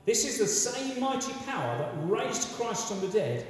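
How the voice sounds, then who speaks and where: A man preaching a sermon in a conversational, animated way, often repeating words as he restarts. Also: very high-pitched, normal speed. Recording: echoey hall from far off.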